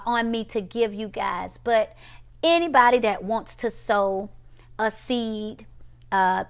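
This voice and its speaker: A woman preaching and praying in an impassioned sermon, swinging from loud declarations to hushed whispers. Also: medium pitch. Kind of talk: live-streamed sermon and prayer.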